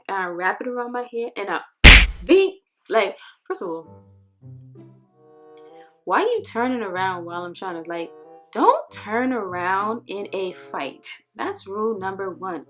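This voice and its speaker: A young woman vlogger telling a casual storytime with animated, slangy delivery, acting out what people said. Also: medium pitch. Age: young adult.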